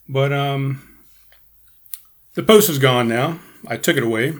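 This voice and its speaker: A man's voice: medium pitch, unhurried, long pauses, a bit bright. A man hosting a podcast as a casual livestream from home, rambling and correcting himself and laughing at his own slips. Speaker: podcast host. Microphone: headphones and camera, live stream.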